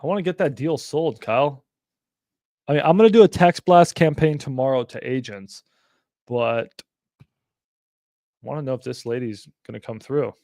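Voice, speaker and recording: A man's voice: medium pitch, normal speed, long pauses, warm tone, no echo, clean studio sound. Blunt, profane man hosting a livestream. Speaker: livestream host. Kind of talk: casual livestream chat.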